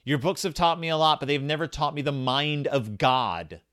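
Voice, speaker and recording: A man's voice: on the high side, normal speed, a bit bright. A man past thirty hosting a comedy podcast, rambling through a children's question book in a self-deprecating, mock-exasperated monologue.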